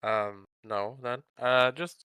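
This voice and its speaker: A man chats casually during a tabletop game and quickly explains rules to the others. His voice is bright and forward, and the sound is dry and close. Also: medium pitch, smooth, no echo. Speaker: player.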